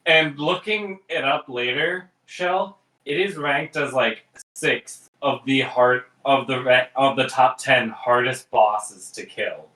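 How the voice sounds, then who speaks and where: A man co-hosting a casual family chat, telling animated stories with exaggerated asides. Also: mid-range voice, takes it slowly. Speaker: podcast co-host. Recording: roomy, distant mic.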